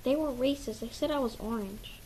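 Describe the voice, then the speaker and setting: A woman voicing an excitable, touchy young male bird in a homemade toy skit, with a squeaky, whiny delivery. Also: a little fast, a little hiss or hum, lightly acted, low-quality recording. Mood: excited.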